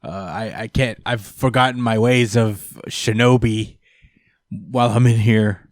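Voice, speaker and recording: A man's voice: lowish voice, fairly even intonation, unhurried, dry recording, studio quality. A man co-hosting a podcast, casually recapping a comic with fillers and jokey quoted voices. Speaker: podcast co-host.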